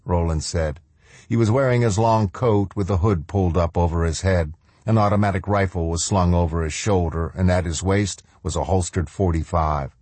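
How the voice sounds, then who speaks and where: A man narrating a story in a measured, grave storytelling manner. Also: low voice, a little mellow, no echo. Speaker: audiobook narrator. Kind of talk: scripted narration.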